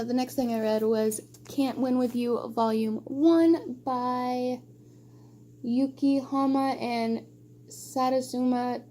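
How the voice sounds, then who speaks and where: Warm and pitched on the high side, this young woman's voice carries a casual wrap-up of the books she's read. As a book vlogger, she gushes with emotion and drifts into many rambling tangents, over slight background noise.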